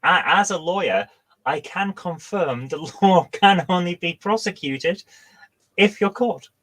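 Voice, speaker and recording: A woman's voice: on the low side, animated, measured pace, rough recording. A woman hosting a casual online quiz over a video call, joking and laughing between lines. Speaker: quizmaster.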